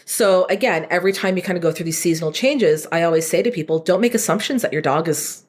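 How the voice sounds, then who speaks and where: A woman chatting casually on a podcast as a guest, talking about dog training in an animated way with lots of fillers. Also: on the low side, fast talker.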